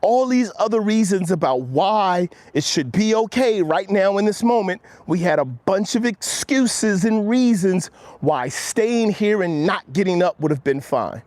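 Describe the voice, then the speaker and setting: A man delivers an earnest pep talk while out on a walk, streaming live to his viewers. His pitch swings widely and sits a bit above the usual male range. He coaches steadily, and his voice drops low and quiet when he quotes himself. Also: animated, measured pace, dry recording. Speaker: motivational live-stream host. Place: outdoors on a walk.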